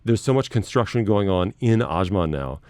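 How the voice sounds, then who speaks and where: A male radio host telling stories in relaxed studio banter, with lively retellings of what happened. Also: lowish voice, clean tone, no echo. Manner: fast storytelling, animated retelling. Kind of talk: casual studio chat. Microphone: studio mic.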